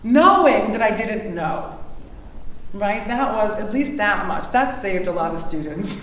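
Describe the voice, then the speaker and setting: Animated woman teaching in an echoey hall. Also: mid-range voice, background noise. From Israel. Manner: animated, questioning, quick bursts with laughs. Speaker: rabbinic teacher. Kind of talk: interactive text study lecture. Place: large synagogue hall. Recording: echoey hall, mic far off.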